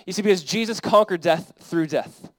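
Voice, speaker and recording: A man's voice: high voice, moderate pace, no echo. A young adult man, a pastor, preaching a sermon in an earnest, conversational way that builds to emphatic peaks.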